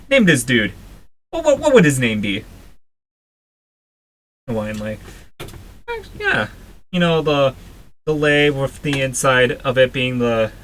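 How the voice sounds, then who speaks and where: A man's voice: mid-range voice, a bit bright. A young man casually reviewing his own drawings, chatty and self-deprecating, with many fillers and restarts. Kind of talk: casual commentary.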